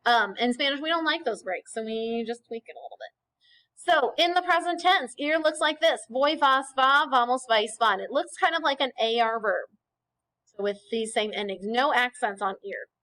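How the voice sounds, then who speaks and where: A woman teaching Spanish in a recorded lecture over slides, explaining patiently and often checking in with a quick "okay?". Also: a little high, lively intonation, sharp tone, poor audio.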